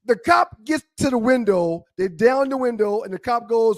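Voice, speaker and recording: A man co-hosting a talk show, telling stories with halting restarts. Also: very high voice, lively intonation, no echo. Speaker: co-host. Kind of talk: casual storytelling chat.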